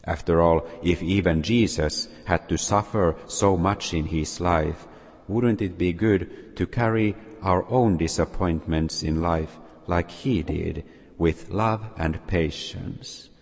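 A man preaching a sermon to children, speaking slowly and gently. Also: low voice, breathy edge. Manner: slow, gentle, addressing children. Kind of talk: sermon with story. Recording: long hall reverb.

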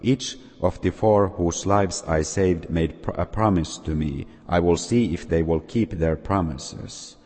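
A man's voice: low voice, measured pace, hardly any pauses, darkish tone. A man voicing a kind, humble poor man in a folk tale, speaking patiently and modestly. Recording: long reverb.

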